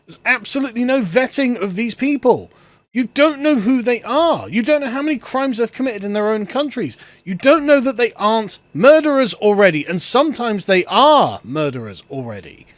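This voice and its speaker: A man's voice: high voice, animated, brisk, no echo. A man giving sarcastic solo political commentary, ranting and laughing often as he talks.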